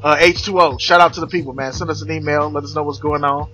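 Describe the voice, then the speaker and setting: A man hosts a loose, casual podcast, loud and teasing, cursing freely. His voice is bright and forceful with a slightly higher pitch. The audio is dull and lo-fi, with faint music behind it. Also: steady tone, fast. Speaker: podcast host. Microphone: remote call.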